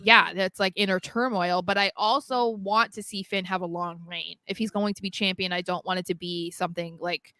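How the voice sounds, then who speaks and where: A woman's voice: fairly low pitch, fairly even intonation, moderate pace, hardly any pauses, sharp tone, no echo. Chatty woman co-hosting a podcast. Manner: chatty, restarts sentences often. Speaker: podcast co-host. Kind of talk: casual wrestling chat.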